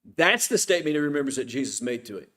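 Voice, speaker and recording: A man's voice: mid-range voice, very animated, quick pace, a bit bright. A middle-aged man teaching an informal Bible study class at church. He asks the class questions and then answers them himself.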